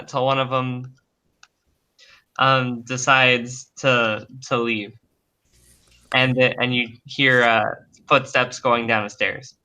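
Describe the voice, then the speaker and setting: A man leads a tabletop game over an online call, narrating slowly as game master. He hesitates often and restarts his sentences. His voice is bright and clear. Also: mid-range voice. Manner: halting, full of ums and restarts.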